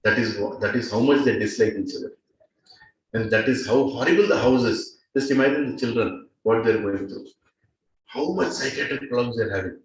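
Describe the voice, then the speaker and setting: A man's voice: mid-range voice, moderate pace. Indian guy teaching a class, keeps asking the room stuff, chuckles, far from the mic, big echo. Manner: questions the audience, laughs often. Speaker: spiritual teacher. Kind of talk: lecture to a class. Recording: echoey hall from far off.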